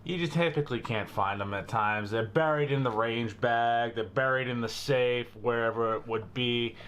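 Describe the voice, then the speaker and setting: A man's voice: medium pitch, moderate pace, fairly bright tone. A young man with a Boston accent hosting a casual gun-maintenance how-to, chatty and jokey, calling his viewers guys and bro. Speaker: gun channel host.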